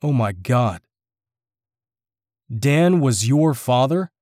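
A man's voice: medium pitch, lively intonation, extremely slow, a little mellow, no room sound. Man doing a nervous but stubborn guy pushing back, raised voice, dry sound. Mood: insistent. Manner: insistent, tense.

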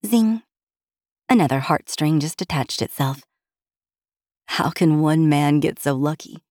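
Woman narrating a story, low and dry. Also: fairly even intonation, a little slow, darkish tone, no room sound. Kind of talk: audiobook narration.

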